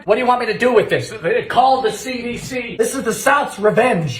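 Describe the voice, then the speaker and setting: A man's voice: sits high, big pitch swings, moderate pace, few pauses. Theatrical Bermudian man in his twenties. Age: 20s. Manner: theatrical, sarcastic, bursts into shouted exclamations. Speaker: cooking video creator. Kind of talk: comedic vlog commentary.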